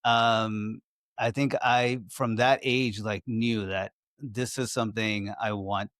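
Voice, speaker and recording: A man's voice: fairly low pitch, fairly even intonation, takes it slowly, a bit bright, no echo. Young man, podcast co-host, loose storytelling delivery, dry close mic. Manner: storytelling, chatty with filler words. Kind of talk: casual chat.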